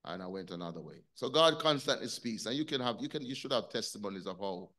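A man's voice: on the low side, lively intonation, fast talker, a bit bright. A man teaching a Sunday school lesson over a video call, talking conversationally and putting questions to his class.

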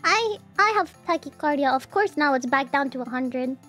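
A woman's voice: sits high, animated, normal speed, pushed and bright, soft background music. A woman streamer chatting casually on a livestream, giggly and teasing, laughing often.

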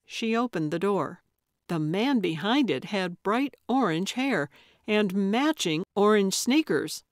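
A woman narrating a cozy mystery audiobook in a measured, wry way. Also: medium pitch, lively intonation, no room sound, studio quality. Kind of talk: scripted narration.

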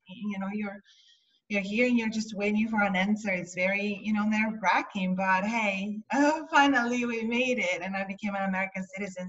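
A woman's voice: medium pitch, fairly bright tone. A woman from Italy with an Italian accent, talking casually as an interview guest, laughing often and leaning on fillers. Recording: distant, muffled mic.

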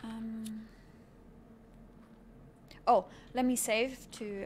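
Giggly streamer woman, slow and high. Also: a little mellow, slight background noise. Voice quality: giggly, playful, self-mocking. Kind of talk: live gameplay commentary.

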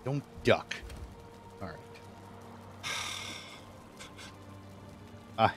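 A man's voice: mid-range voice, very animated, takes it slowly, long pauses, faint music behind. A man streaming a game live, commenting casually as he plays and grumbling and swearing when things go wrong.

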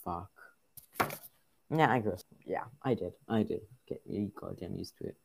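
A young man giving frustrated gameplay commentary, muttering to himself and breaking into loud exasperated outbursts. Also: low-pitched, a little slow, vocal fry, background noise. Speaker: gaming video creator.

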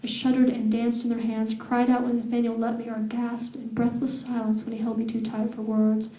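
Woman author, live reading, slightly high voice, roomy echo. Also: fairly quick, recorded from a distance. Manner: steady reading with laughing asides to the audience. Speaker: author reading her novel. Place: event room with audience. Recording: echoey event room.

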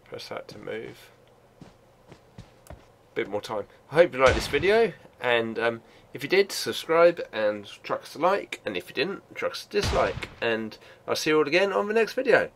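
An older man hosting his own gaming channel, giving casual commentary while he plays at his home computer, chatty and quick to laugh. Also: mid-range voice, very animated, a little hiss or hum. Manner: chatty and laughs easily, gets loud and sweary in action.

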